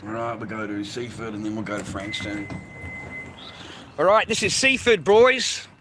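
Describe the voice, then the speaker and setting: A man's voice: fairly low pitch, animated, moderate pace, background noise. An Australian man streaming a casual, rambling walk-and-talk outdoors on a street near the beach, swearing constantly and ending lines with mate and bro.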